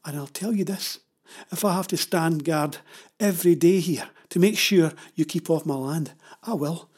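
A man reading a story aloud, voicing a stubborn, burly father who defends his land in a gruff, forceful way. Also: a little high, moderate pace. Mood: furious.

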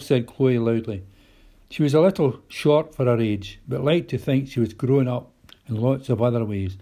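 A man reading a children's story aloud in a calm, measured way. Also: medium pitch. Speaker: narrator.

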